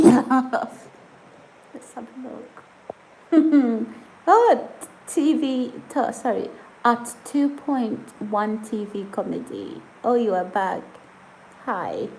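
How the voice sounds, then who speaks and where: A woman chatting on a live stream from home, reading out viewer comments and laughing easily. She talks at an unhurried, drawn-out pace. A faint background hiss sits under her voice. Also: fairly high pitch, sing-song, darkish tone, low-quality recording. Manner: giggly, chatty, often breaks into laughter. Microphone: phone or camera set on a surface.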